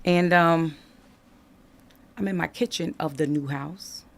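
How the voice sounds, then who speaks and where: A woman telling her life story as a podcast guest, in an animated, conversational way that acts out the dialogue. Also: low voice, takes it slowly. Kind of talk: candid storytelling in a podcast interview.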